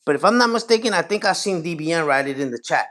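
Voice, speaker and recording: A man's voice: on the high side, animated, quick pace, fairly bright tone. A man in his forties hosting a livestream, talking casually and profanely straight to his chat, rambling from point to point. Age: 40s. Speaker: livestream host.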